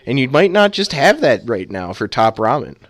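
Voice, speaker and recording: Lively joking male esports caster. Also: medium pitch, moderate pace, dry recording. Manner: joking, playful banter. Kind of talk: live game commentary.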